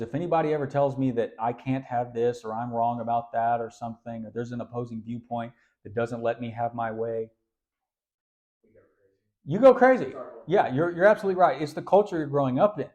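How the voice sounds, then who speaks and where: A man preaching an animated sermon to young people, often repeating words as he goes. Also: mid-range voice.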